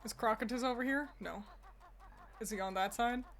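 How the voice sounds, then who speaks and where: Playful chatty woman streamer, higher voice. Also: moderate pace, fairly bright tone. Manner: chatty and playful, swears freely, talks to her cat. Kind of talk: casual gaming commentary. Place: home. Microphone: desk microphone.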